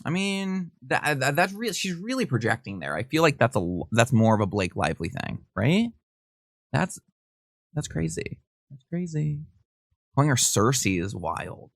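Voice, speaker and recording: A man hosting a podcast, reading messages aloud and reacting with quick, gossipy asides. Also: medium pitch, vocal fry, no room sound, clean studio sound. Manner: animated, gossipy, reads texts aloud with quick asides and laughs. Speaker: podcast host. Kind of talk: casual reaction commentary.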